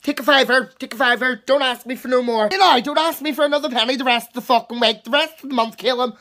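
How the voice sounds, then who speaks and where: A woman's voice: high-pitched, fast talker, fairly bright tone. A woman with an Irish accent playing an angry, sweary mother in a comedy sketch. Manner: sweary, scolding.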